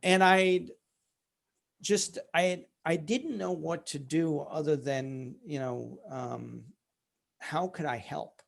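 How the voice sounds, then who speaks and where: A man's voice: fairly high pitch, slow, vocal fry. A man, a company founder, candidly telling a personal story in an interview, with many fillers. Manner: candid, many fillers, relives events vividly.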